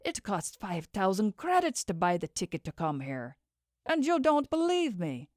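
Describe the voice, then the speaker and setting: A woman's voice: mid-range voice, big pitch swings, normal speed, darkish tone, no echo, studio quality, lightly acted. A woman voicing an injured young man who talks groggily with slurred words, read in an audiobook. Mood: groggy.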